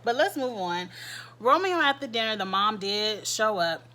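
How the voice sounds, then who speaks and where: Woman, casual recap host, bright tone, repeats lines for emphasis. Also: medium pitch, big pitch swings, moderate pace. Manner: chatty, repeats phrases for emphasis. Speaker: reality show recap host. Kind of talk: casual commentary.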